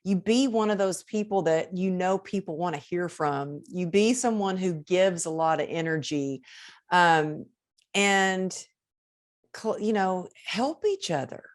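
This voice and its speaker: A woman's voice: fairly low pitch, unhurried. A woman guesting on a podcast, speaking as an enthusiastic, effusive motivational speaker in casual interview conversation.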